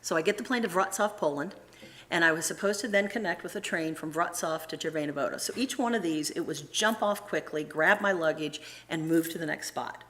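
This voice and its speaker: A woman with a fairly low voice tells a personal travel story to a church gathering. She is animated and acts out the conversations as she goes. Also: fairly quick. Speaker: guest speaker at a church.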